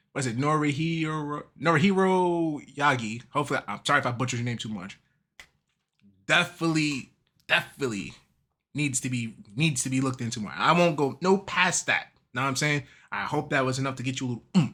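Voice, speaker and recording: A man hosting a casual manga and game recap, talking in an animated, slangy way and laughing often. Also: a little high. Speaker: YouTube host.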